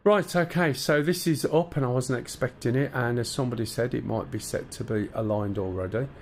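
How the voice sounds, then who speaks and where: Bantering with his chat on a casual live stream, this man walks through the cockpit start-up steps. He speaks fairly quickly in a slightly mellow mid-range voice with a Black Country English accent from the English Midlands, and there's a touch of hiss or hum.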